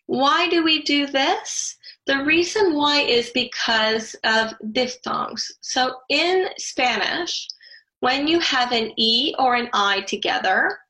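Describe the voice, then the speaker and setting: Woman teacher, unhurried, careful step-by-step explanations for a recorded lesson. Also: high voice, bright, forceful tone, rough recording. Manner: slow, careful explanations with spelled-out letters. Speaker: Spanish teacher. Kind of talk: online grammar lesson.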